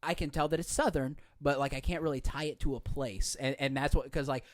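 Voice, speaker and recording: A man's voice: medium pitch, steady tone, brisk, dry recording, studio quality. A man hosting a podcast, asking questions in casual, crude, laughing banter. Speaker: podcast host. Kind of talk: casual chat.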